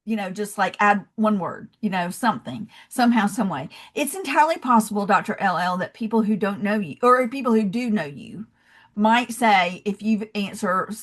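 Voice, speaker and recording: A woman with a Southern US accent, a podcast guest who tells stories in an animated, chatty way full of "you know" fillers. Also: medium pitch, moderate pace. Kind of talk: casual interview chat.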